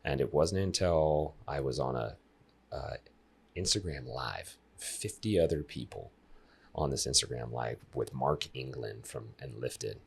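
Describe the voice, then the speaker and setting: A man in his thirties, a life coach guest on a podcast, telling stories in a lively, casual way and talking straight to the listeners. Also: rumbling low, measured pace, creaky, husky. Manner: animated storyteller who addresses listeners directly.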